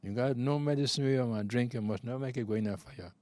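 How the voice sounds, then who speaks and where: A man's voice: mid-range voice, quick pace, darkish tone, dry recording. A very old man in his nineties speaks with a Belizean Creole accent, telling long, looping stories from his life. He repeats himself often and wanders loosely, in a close, dry recording. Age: 90s. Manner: loose, repetitive storytelling in Creole speech. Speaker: interview guest. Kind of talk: rambling life-story telling.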